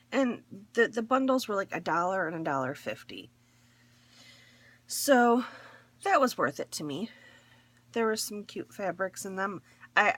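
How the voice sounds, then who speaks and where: A woman vlogger talks through a fabric haul in a relaxed, unhurried way, her pitch bouncing up and down a lot. She still has her morning voice and rambles with fillers and little laughs. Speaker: crafting vlogger. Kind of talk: casual chat showing a fabric haul.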